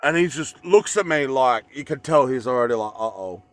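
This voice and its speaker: A man's voice: mid-range voice, fairly quick, a bit bright, dry recording. An Australian man telling a story in a casual vlog, rambling with fillers and self-corrections. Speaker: vlogger.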